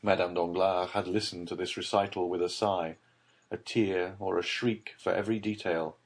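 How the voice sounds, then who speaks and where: A male audiobook narrator reading a classic novel in a measured, even storytelling manner. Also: low-pitched. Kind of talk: scripted literary narration.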